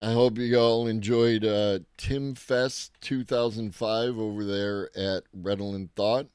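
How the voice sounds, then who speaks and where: Brief: man hosting a morning tech-news stream, unhurried and offhand, slightly low-pitched. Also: fairly even intonation, a little mellow, clean tone, dry recording, clean studio sound. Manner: casual, rambling, profane, greets chat viewers. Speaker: live-stream host.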